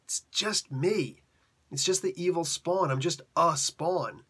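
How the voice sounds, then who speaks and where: A man's voice: fairly high pitch, slow, sharp tone, breathy edge, full character voice. A man voicing a weary undead antihero from hell who talks in casual dude-speak.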